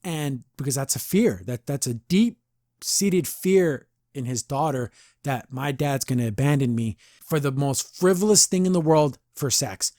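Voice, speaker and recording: A man's voice: mid-range voice, lively intonation, measured pace, a little mellow, no room sound, studio quality. Chatty man reviewing a cartoon episode. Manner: chatty, rambling, laughs often, says "I don't know" a lot. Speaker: podcast host.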